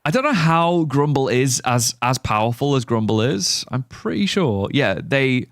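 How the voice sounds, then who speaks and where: Lively man streaming casually. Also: medium pitch, dry recording, studio quality. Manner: excitable, laughs often, quick exclamations. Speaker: live streamer. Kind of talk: casual livestream commentary.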